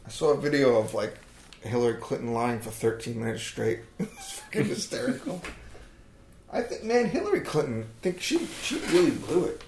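A man trading sarcastic, mock-conspiratorial jokes on a comedy podcast. His gravelly voice leaps up and down in pitch. The recording carries a roomy echo. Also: very animated, normal speed, a little mellow, a little hiss or hum. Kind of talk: joking conversational banter.

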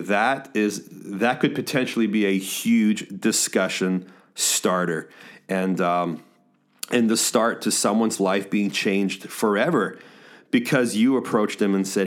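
A middle-aged male pastor talking earnestly to small-group leaders on a podcast, halting often with restarts and fillers. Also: lowish voice.

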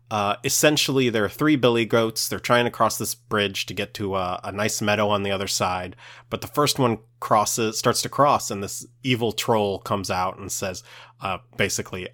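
A man's voice: lowish voice, a bit bright. A man co-hosting a podcast, explaining stories in an easygoing, casual way. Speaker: podcast co-host. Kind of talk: casual chat, storytelling.

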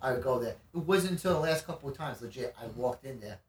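The recording sounds roomy, coming from a distant mic, as a twenty-something male podcast guest with a mid-range voice talks at a quick pace. He's recounting a wild story in relaxed chat, animated and profane, laughing throughout.

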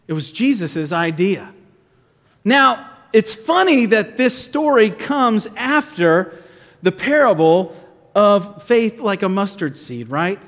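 A male pastor preaching in a church, telling an animated story and leading prayer. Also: high voice, long reverb tail. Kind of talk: sermon with children's story. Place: church sanctuary.

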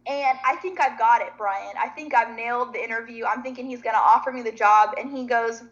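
A woman guest on a talk show, telling a story in a lively, chatty way and acting out what other people said. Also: fairly high pitch, fairly quick, highs cut off. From Nashville, Tennessee. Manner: animated, chatty storyteller who acts out quotes. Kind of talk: casual storytelling.

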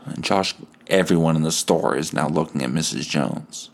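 A man's voice: a bass voice, moderate pace, creaky. A male podcast host improvising a story, rambling and laughing at himself. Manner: rambling, laughs at his own tale.

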